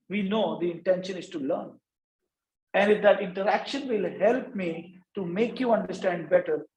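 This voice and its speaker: A man is lecturing a class in an echoey room. His voice sits high, and he asks "right?" after almost every point. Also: a little mellow. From India. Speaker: workshop speaker. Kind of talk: lecture to students.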